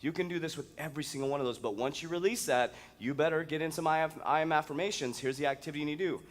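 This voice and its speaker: A fitness coach gives a motivational talk. He is a man with a fairly high voice, and he sounds emphatic and full of energy. He stretches words out playfully and sometimes bursts out loudly. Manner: energetic and emphatic, with sudden loud outbursts; drawn-out, playful stresses on single words.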